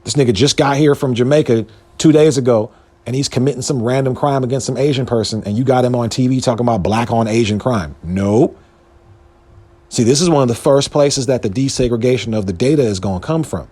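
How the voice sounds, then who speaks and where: A man's voice: medium pitch, fairly quick, dark tone, husky. A man, hosting a show and delivering a heated, emphatic commentary monologue in casual slang. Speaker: podcast host.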